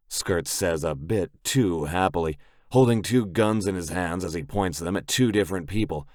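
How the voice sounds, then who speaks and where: A man's voice: deep voice, normal speed, a little mellow, dry recording, studio quality. A man narrating a romance audiobook in first person, in a gritty, blunt way.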